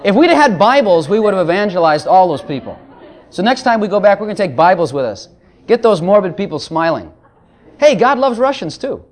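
A man's voice: high voice, sing-song, brisk, a faint crowd. A man preaching a sermon, joking between passages of scripture he reads aloud. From Texas.

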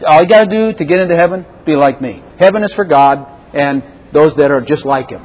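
Husky-voiced man preaching animatedly. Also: fairly high pitch, brisk. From Chicago. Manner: animated, acts out little dialogues in raised voice. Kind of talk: sermon.

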